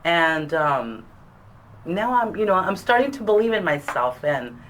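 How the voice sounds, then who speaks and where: A woman who graduated from adult school, talking in a casual interview, soft-spoken and hesitant with many fillers. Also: on the low side, sing-song, a little slow, poor audio.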